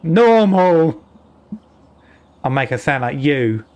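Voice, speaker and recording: A man's voice: medium pitch, normal speed. A British man casually commenting as he plays, often muttering to himself. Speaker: streamer.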